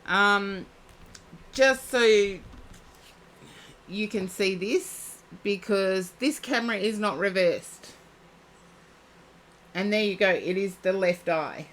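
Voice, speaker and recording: A woman's voice: mid-range voice, slow, pauses often, a bit bright, a little hiss or hum. A woman giving a live-streamed oracle card reading, chatting and thinking aloud as she reads. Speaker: psychic card reader.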